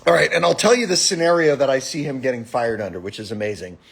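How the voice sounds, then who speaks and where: A man's voice: medium pitch, fast, vocal fry, slightly rough. A man hosting a podcast in casual, profane chat, acting out stories and swearing freely as he gets worked up. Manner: animated storytelling, swearing, rises to shouts. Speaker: podcast host.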